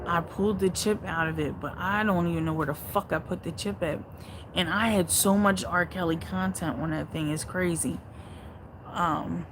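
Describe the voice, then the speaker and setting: A woman hosts a casual livestream, reading out viewer comments and reacting bluntly with heavy swearing. She swings between low muttering and loud outbursts, and the rough recording has slight background noise.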